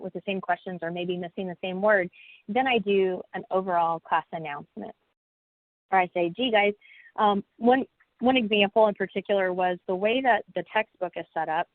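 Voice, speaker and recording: A college instructor from the United States speaks on a webinar panel over a video call, her voice lowish. She talks in a folksy, conversational way, full of fillers and restarts. The audio is dry and tinny, like a phone.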